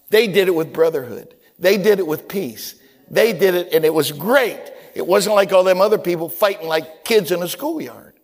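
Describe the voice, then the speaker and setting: A man preaching a sermon as a pastor, telling stories in an animated way and often repeating words as he stumbles. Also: a little high, normal speed.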